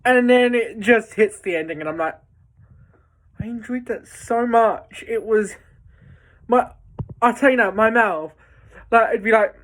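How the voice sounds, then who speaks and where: A woman's voice: fairly high pitch, a little slow, long pauses. A woman giving a casual, enthusiastic spoken film review, rambling with lots of fillers and restarts.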